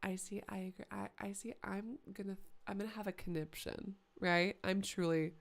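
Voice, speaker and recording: A woman commenting live as she plays a horror game, chatty and swearing, yelling at the characters. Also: medium pitch, fairly even intonation, moderate pace, vocal fry. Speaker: streamer playing a horror game.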